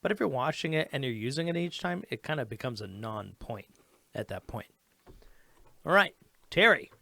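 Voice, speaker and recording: A man co-hosting a casual livestream Q&A, answering viewer questions in an easygoing, animated way. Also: medium pitch, moderate pace, vocal fry, no echo. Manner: animated, easygoing, laughs often.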